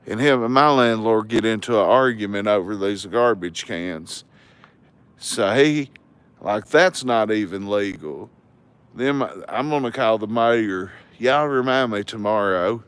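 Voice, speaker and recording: A man's voice: lowish voice, a little slow, a bit bright, clear, resonant tone, no echo. A man, telling rambling, profane stories to his livestream viewers. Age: 40s. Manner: loose, crude, rambling storytelling.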